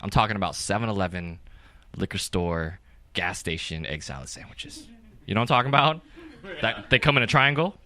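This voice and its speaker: Young stand-up guy at an open mic, swearing a lot, voice jumping all over, bright edge to it. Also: lowish voice, a little fast. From California. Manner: energetic, profane, keeps asking the crowd "right?". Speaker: stand-up comedian.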